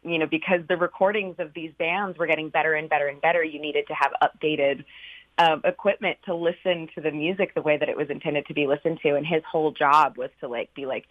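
A woman from Northern California, a stage actress, telling stories in an animated, chatty way during an interview. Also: deep voice, fast, no echo, phone-quality sound. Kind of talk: casual interview chat.

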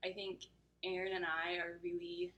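A woman's voice: fairly low pitch, little pitch movement, fairly bright tone, highs cut off. A young woman co-hosting a podcast in casual chat, talking freely with lots of "like" and easy laughter. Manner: chatty, heavy use of "like", quick laughs. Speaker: podcast co-host.

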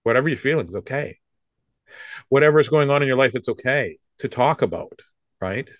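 A man in his fifties guesting as a comedian, talking in a loose, rambling way full of jokes and restarts. His voice sits at an ordinary middle pitch. The sound is dry and close, with no room echo. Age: 50s. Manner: rambling and joking, with many restarts. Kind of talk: casual interview talk.

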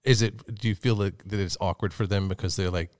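A man hosting a casual interview, asking curious questions in a relaxed way and swearing casually. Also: low-pitched, a little fast, no room sound. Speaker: interview host.

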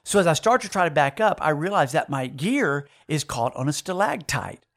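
A man, giving a folksy, animated storytelling sermon to young people. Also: fairly high pitch, normal speed, creaky. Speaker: speaker at a youth camp.

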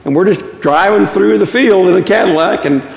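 Gravelly pastor in an echoey hall. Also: male voice, sits high, normal speed. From Texas. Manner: storytelling, chuckles at his own jokes. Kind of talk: sermon. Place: church sanctuary. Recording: echoey hall with long reverb.

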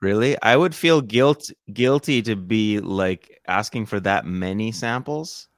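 A man from the US West Coast bantering on a casual podcast with dry, self-deprecating wit. His voice sits a bit low. It is captured close on a dry studio mic. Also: measured pace, no echo. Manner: dry, wry humor. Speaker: podcast co-host. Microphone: studio microphone, uneven levels.

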